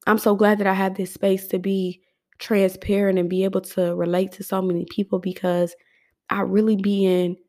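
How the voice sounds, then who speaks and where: A woman's voice: medium pitch, darkish tone. Emotional young woman podcaster, heartfelt. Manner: heartfelt, emotional, talks to listeners as y'all. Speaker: podcast host. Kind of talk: personal podcast reflection and spoken prayer.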